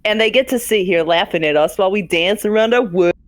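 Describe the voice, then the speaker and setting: A woman's voice: medium pitch, fast talker, lightly acted. A woman reading as a furious foul-mouthed agent. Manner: profane, indignant rant. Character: angry foul-mouthed woman federal agent on desk duty.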